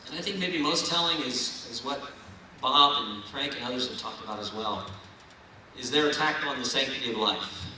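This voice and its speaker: A man's voice: medium pitch, moderate pace, sharp tone, slight background noise. A man from Ohio giving a folksy, rousing keynote speech at a political dinner in a large banquet hall. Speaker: keynote speaker. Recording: echoey hall, mic heard from far.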